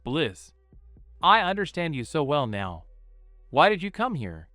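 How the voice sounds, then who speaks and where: A man's voice: fairly high pitch, very animated, measured pace, bright, forceful tone, no room sound, studio quality, soft background music, heavily acted. A man voicing a sarcastic teenage older brother, teasing in tone.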